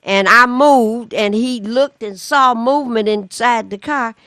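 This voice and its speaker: A woman tells a story in a lively, chatty way. She acts out the voices of the people in it. Her voice sits fairly high, and the recording is dry and close. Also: a little slow, dry recording. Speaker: community radio co-host. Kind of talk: casual storytelling chat.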